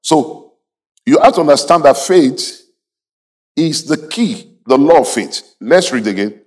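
A man's voice: on the high side, animated, unhurried. A male pastor preaching a sermon, leading the congregation in call-and-response and mimicking church members for effect.

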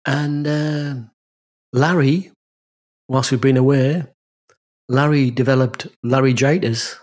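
A man's voice: medium pitch, steady tone, darkish tone. A man with a northern English accent, telling stories in casual chat as podcast co-host. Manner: rambling storyteller, quick to laugh.

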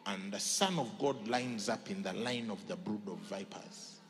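A male pastor preaching a sermon, swinging between loud shouts and near whispers. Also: lowish voice, measured pace, long reverb tail.

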